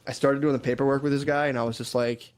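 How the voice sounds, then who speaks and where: A man's voice: mid-range voice, flat delivery, fast, darkish tone. A man on a podcast telling a story in casual chat, swearing and laughing often and acting out the people he quotes. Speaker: podcast co-host.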